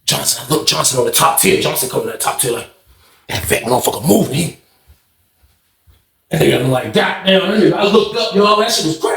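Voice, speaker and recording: A man hosting a casual storytime channel, telling a profane, animated prison story and mixing in vocal sound effects. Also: fairly high pitch, fairly quick, vocal fry, echoey room, slight background noise.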